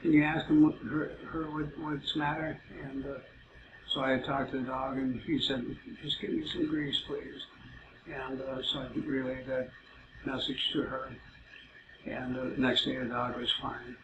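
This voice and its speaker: Man, rambling halting storyteller, gravelly, monotone, echoey room, dull noisy audio. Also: medium pitch. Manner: rambling, many "uh" fillers, halting. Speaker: self-described psychic telling stories. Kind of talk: casual storytelling. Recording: roomy, muffled, noisy amateur recording.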